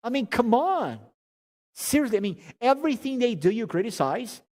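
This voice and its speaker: A man giving a conversational marriage seminar talk, animated and humorous, often restarting and repeating words. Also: very high voice, moderate pace, long reverb tail.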